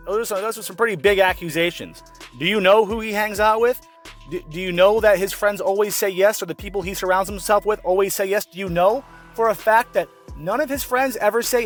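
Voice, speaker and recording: A man's voice: high voice, expressive, a little fast, faint music behind. A man ranting sarcastically in an online commentary video, exasperated and swearing often. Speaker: commentary vlogger.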